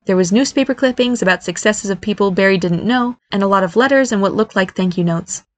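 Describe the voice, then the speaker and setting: Expressive woman reading a story aloud. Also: medium pitch, fast talker. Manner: expressive, does character voices. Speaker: narrator. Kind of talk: audiobook narration.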